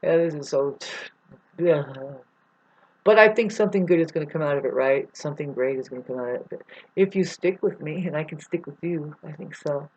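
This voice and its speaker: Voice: mid-range voice, brisk. A self-described performing artist speaking in a rambling personal monologue, emotional and apologetic, often restarting sentences. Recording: dull lo-fi recording.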